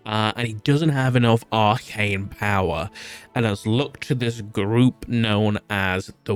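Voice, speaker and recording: Slow, smooth-voiced man running a tabletop game. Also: mid-range voice. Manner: casual, laid-back storytelling with loose asides. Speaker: game master. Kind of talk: recapping a tabletop game session.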